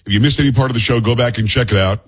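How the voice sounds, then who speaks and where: A man hosts a radio talk show at a rapid clip, his voice a little husky. He rambles from topic to topic and teases his co-host. He talks into a studio microphone. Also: mid-range voice. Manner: jokey, rambling, teasing banter. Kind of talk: casual radio talk and banter.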